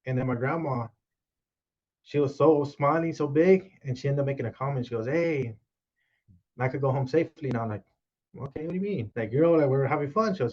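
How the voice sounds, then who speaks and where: A man in his thirties tells his own story as a podcast guest, slipping into the voices of the people he quotes. His voice sits at an ordinary pitch. The recording sounds a little dull and lo-fi. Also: fairly quick. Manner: animated retelling with quoted dialogue. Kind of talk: storytelling in casual conversation.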